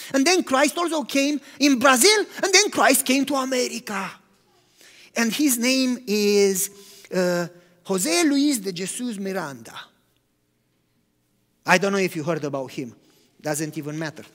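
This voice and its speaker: Animated male preacher in a reverberant hall. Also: sits high, measured pace, long pauses. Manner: animated, swings from loud to hushed. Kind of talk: sermon.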